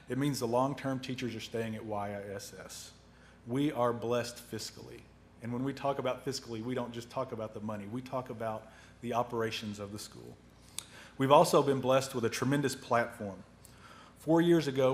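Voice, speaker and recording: A middle-aged man who is a school headmaster with a cold reads a prepared presentation in an earnest, measured way. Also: mid-range voice. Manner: earnest, measured reading with faith-filled phrasing. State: has a cold, on cold medicine.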